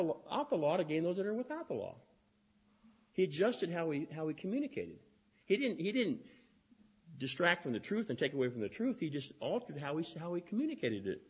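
A man preaching a sermon, talking fast and often restarting his phrases. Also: fairly high pitch, big pitch swings, husky, muffled recording.

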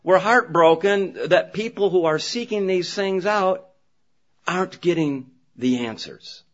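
A man preaching to his brethren, telling a personal story in an animated way and acting out what others said. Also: sits high, unhurried. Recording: dull lo-fi recording.

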